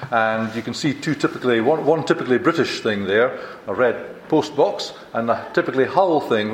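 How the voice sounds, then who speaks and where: An older man with a Scottish accent giving a chatty, self-deprecating conference talk, halting and restarting as he goes. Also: mid-range voice, roomy sound, slight background noise. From Scotland. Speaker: visiting university lecturer. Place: large lecture hall.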